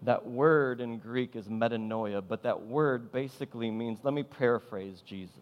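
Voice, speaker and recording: A man's voice: mid-range voice, moderate pace, few pauses, smooth. A man preaching a sermon as pastor, impassioned and emphatic, driving points home with repeated phrases. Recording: long hall reverb.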